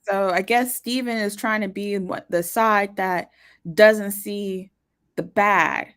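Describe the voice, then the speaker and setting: A woman's voice: medium pitch, fairly even intonation, takes it slowly, a bit bright, clear, resonant tone, no room sound. A woman co-hosting a podcast, chatting casually about a TV episode and often saying "you know" and "like". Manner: conversational, fillers like "you know" and "like", acts out quoted thoughts. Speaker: podcast co-host. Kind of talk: casual chat reviewing a TV episode.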